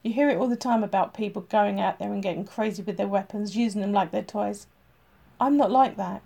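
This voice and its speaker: A woman reads as a stubborn male detective, frustrated and defensive, stuck in a hospital bed. His voice comes out raised and pushy, with a gravelly, warm edge. It is an audiobook reading. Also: medium pitch, a little fast. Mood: indignant.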